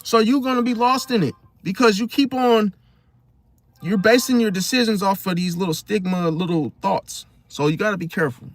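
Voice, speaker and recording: A man hosting a casual astrology monologue, talking in an animated way and often asking his listeners "See?". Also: high-pitched, normal speed, dry recording. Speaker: host.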